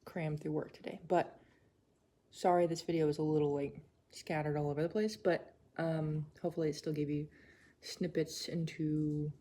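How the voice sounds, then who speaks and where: A woman artist chatting casually to camera in her studio, rambling with lots of fillers and side remarks. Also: low voice. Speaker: artist and vlogger. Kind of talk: casual vlog chat to camera. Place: indoor art studio. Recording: echoey room with steady background noise. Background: room ambience, a passing train.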